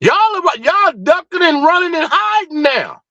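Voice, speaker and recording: With an extremely high, bright and forceful voice, a man hosts a livestream, expressive but unhurried. The recording is dry with the highs cut off, and his heated rant is fired-up, blunt, profane and full of rhetorical questions.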